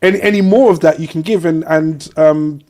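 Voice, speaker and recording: A man's voice: a little high, a little fast, dark tone. A man co-hosting a podcast, talking in long, thoughtful, rambling turns. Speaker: podcast co-host. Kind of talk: casual podcast chat.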